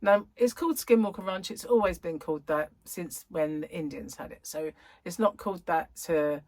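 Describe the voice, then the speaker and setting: A woman's voice: lowish voice, moderate pace, darkish tone, no room sound. A middle-aged woman hosting a crochet vlog, chatting casually to camera in a rambling way, with lots of ums and self-corrections.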